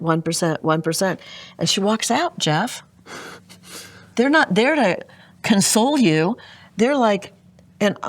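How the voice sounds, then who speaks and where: A middle-aged woman, a guest on an interview show, telling a personal story in an earnest, vivid way and often addressing the host. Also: on the low side. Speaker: guest entrepreneur. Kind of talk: emotional storytelling.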